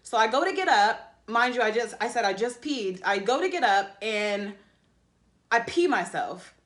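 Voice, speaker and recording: A woman's voice: on the high side, lively intonation, moderate pace, fairly bright tone. A woman telling a personal story to camera, rambling and emotional, with many fillers and restarts. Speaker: vlogger.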